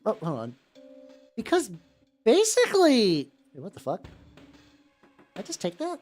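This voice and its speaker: Excitable, foul-mouthed woman game streamer. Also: fairly high pitch, unhurried, pauses often, faint music behind. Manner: excitable, swears freely, rambling asides. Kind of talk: live gameplay commentary.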